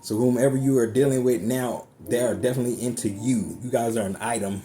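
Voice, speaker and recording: With music underneath, this man reads tarot cards casually for his viewers, fast and warm in tone, his medium-pitched voice fairly even in intonation. He's chatty and emphatic, cursing freely.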